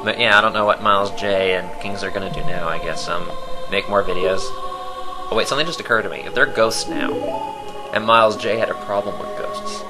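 A man's voice: lowish voice, fairly quick, rough recording. A young man co-hosting a video game let's play, rambling and joking in casual commentary. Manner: rambling, jokey, giggly. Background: game music.

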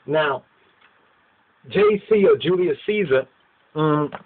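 A man's voice: on the high side, animated, takes it slowly, husky. Lecturing man, tinny phone-like sound. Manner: repetitive, asks "you understand?" and "right?" often. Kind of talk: informal lecture.

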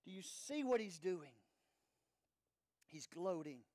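A man's voice: high-pitched, animated, slow pace, darkish tone. A man preaching an earnest, conversational sermon as pastor, with rhetorical questions to the congregation.

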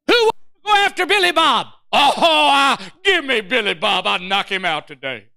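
A man's voice: very high voice, big pitch swings, normal speed, creaky, pushed and bright, exaggerated voice. A man voicing eager scheming male demons volunteering for a task in a sermon.

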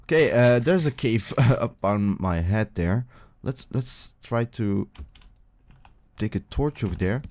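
Excitable man narrating his gameplay. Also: mid-range voice, slow. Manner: rambling, filler-heavy, jumps into excited yelps. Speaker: gaming video host. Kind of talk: casual let's-play commentary.

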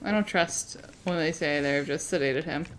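A woman's voice: low-pitched, moderate pace, slight background noise. A woman chatting playfully and wryly while playing a story game with a friend. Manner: playful, wry. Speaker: co-player. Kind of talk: casual game commentary.

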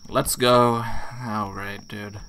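A man's voice: lowish voice, flat delivery, slow, sharp tone, a little hiss or hum. A young man giving casual, slangy, jumpy commentary while playing a horror game. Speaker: gaming streamer.

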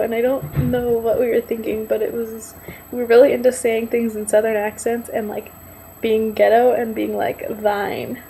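A woman vlogging, reading aloud in a mock-solemn voice and dropping into a casual, swearing chat between parts. Her voice sits a little high, with a mellow, warm tone. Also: vocal fry, slight background noise, poor audio.

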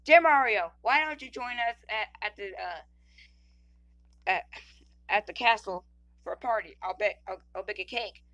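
A sweet party-hosting princess, read out by a woman, bright tone, halting delivery, game dialogue read aloud. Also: medium pitch, no echo, muffled recording, natural voice. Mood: inviting. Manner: reading dialogue aloud with stumbles.

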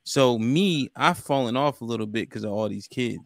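A man's voice: mid-range voice, lively intonation, moderate pace, vocal fry, dry recording, studio quality. A man hosting a casual panel podcast, talking bluntly with some profanity. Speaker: podcast host.

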